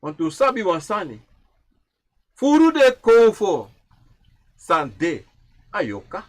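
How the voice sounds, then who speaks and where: A man teaching about ancestral tradition, and his voice sits high for a man and leaps around constantly. He repeats phrases almost like a chant, and drops from loud, raised lines into near-whispers. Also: big pitch swings, slow. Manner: repetitive, chanting phrases, swinging from loud to hushed. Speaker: livestream speaker.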